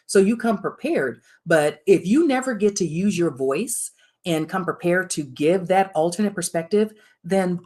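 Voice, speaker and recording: Middle-aged woman, low register, workshop presenter; frank, emphatic, lots of fillers. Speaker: workshop speaker on the chief of staff role. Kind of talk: live workshop talk.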